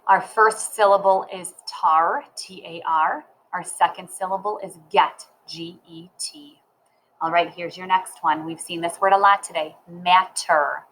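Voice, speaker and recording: A woman teaching a reading lesson at a slow, deliberate pace. Her voice sits a little low, and she breaks each word into syllables and spells it out letter by letter. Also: steady tone, fairly bright tone, a little hiss or hum, rough recording. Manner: slow, careful, sounds words out syllable by syllable.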